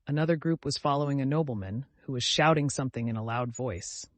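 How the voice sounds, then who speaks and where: A man narrating a classic novel as an audiobook in a measured, even reading. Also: medium pitch, dry recording. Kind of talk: scripted narration.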